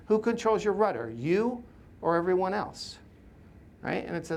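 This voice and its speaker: A middle-aged man, a podcast host and workplace coach, tells stories in an emphatic, animated way, full of fillers and tag questions. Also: high-pitched. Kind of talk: podcast intro and recorded workshop talk.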